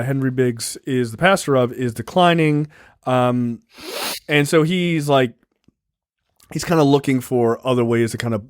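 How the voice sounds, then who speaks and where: A man in a loose podcast film chat, rambling through the plot with ums and quick jokes. His voice sits in a middle register, recorded close and dry with no room sound. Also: medium pitch, dry recording. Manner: rambling, with frequent ums and jokey asides. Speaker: podcast co-host. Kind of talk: casual movie review chat.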